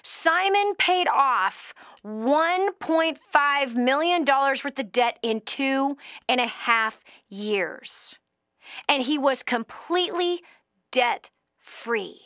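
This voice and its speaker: Blunt, high, scolding woman advice host. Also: animated, takes it slowly, dry recording, studio quality. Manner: blunt, scolding, emphatic, swings from loud to hushed. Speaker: radio show host giving financial advice to a caller. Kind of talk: call-in advice show.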